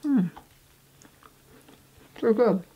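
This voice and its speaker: A woman vlogging in a small cabin, relaxed and unhurried, sometimes dropping to a whisper and talking softly to her dog. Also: on the high side, dull audio, a little hiss or hum. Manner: drops to a whisper at times. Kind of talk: casual vlog narration. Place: small off-grid wooden cabin, indoors.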